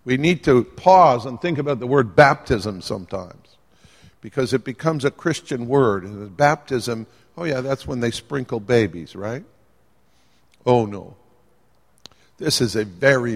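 A man's voice: medium pitch, takes it slowly. A man preaching a sermon to a live congregation, conversational and playful, joking and asking the audience questions. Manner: lively, conversational, jokes with the audience. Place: church hall with live congregation. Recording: long hall reverb.

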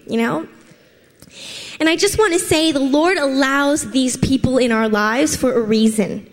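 A woman with a high voice preaches earnestly, telling personal stories. She often restarts her sentences. Her voice trails off in the long reverb of a church hall. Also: a little slow. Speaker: pastor. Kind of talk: sermon.

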